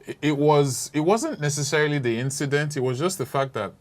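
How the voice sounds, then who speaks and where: A married man on a talk show panel, talking about his marriage in a halting, self-correcting way and breaking into jokes. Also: fairly high pitch. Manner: halting, repeats words, jokes and laughs. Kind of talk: candid casual panel chat.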